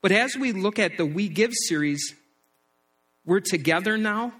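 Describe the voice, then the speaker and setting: Middle-aged male pastor with a somewhat high voice, preaching in an easy storytelling manner. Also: lively intonation, unhurried, fairly bright tone. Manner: storytelling, repeats words as he speaks. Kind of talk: sermon.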